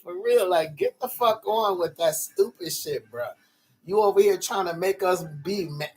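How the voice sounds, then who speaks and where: A man talking casually to his viewers in a rambling, profane way, high and tired, laughing often. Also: husky. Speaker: vlogger.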